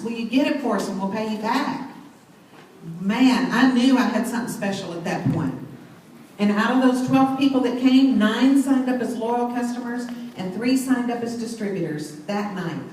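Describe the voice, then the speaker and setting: A woman's voice: fairly high pitch, moderate pace, a little mellow, far from the mic. A middle-aged woman, telling an enthusiastic story to a crowd at a sales event. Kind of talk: motivational talk on stage. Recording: very echoey hall, mic set back, faint noise.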